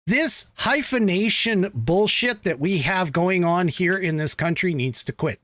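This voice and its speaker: A man's voice: high voice, animated, unhurried, fairly bright tone, no echo, clean studio sound. A man from the United States hosting a podcast, giving a blunt, emphatic political commentary monologue with profanity. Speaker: podcast host.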